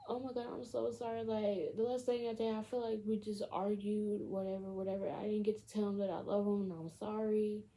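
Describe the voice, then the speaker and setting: A woman voicing a grieving young woman in a rushed, breathless string of apologies. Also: medium pitch, level tone, dark tone, voice pushed up, close to an everyday voice, poor audio. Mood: distraught.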